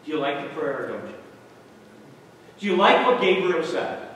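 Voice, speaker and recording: A man's voice: on the high side, big pitch swings, moderate pace, fairly bright tone. A man, a pastor, preaching a sermon and asking his congregation questions as he dramatizes the story. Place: church hall. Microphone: camera microphone. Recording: echoey hall from far off, faint noise.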